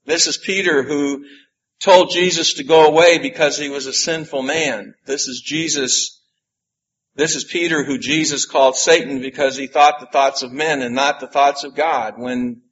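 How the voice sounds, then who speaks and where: Slow, emphatic male preacher. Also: mid-range voice, steady tone, fairly bright tone, dull audio. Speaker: pastor. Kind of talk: sermon.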